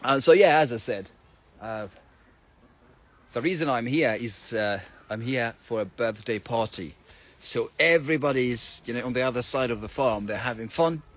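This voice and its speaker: An English teacher from England vlogs casually while walking around a farm, his medium-pitched, fairly bright voice moving at a normal speed. He chats and rambles to his viewers with lots of fillers, and outdoor noise can be heard behind him.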